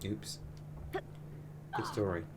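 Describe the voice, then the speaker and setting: A man's voice: drawn-out words, background noise. A man chatting casually while streaming a game, telling rambling, wry stories. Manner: rambling, wry storytelling with frequent restarts. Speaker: streamer playing a video game. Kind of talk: casual live-stream chat and commentary.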